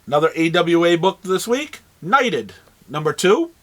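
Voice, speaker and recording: High-voiced New England man. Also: big pitch swings, normal speed. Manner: rambling, with frequent fillers and restarts. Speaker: comic shop host. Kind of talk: casual product rundown.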